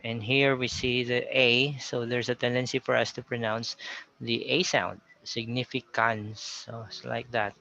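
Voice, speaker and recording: A man's voice: mid-range voice, flat delivery, moderate pace, gravelly, bright, forceful tone, lo-fi sound. A man from the Philippines with a Filipino accent, teaching an English pronunciation lesson and repeating example words as he explains them.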